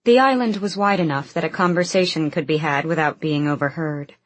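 A woman reading a fantasy novel aloud in an even, measured narration. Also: low voice, no room sound. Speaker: audiobook narrator.

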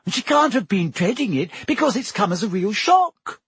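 A man's voice: high-pitched, sing-song, normal speed, a bit bright, slightly rough, no echo, pitched above the performer's own voice, exaggerated voice. A man doing a precise know-it-all schoolgirl. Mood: reasoning. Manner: anxious, reasoning, precise. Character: earnest, logical know-it-all teenage girl.

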